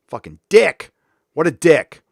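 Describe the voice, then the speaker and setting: A man's voice: a little high, big pitch swings, measured pace, creaky, breathy edge, dry recording, clean studio sound. A man hosting a live stream, ranting angrily with heavy profanity, then easing into casual chat with viewers. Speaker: livestream host.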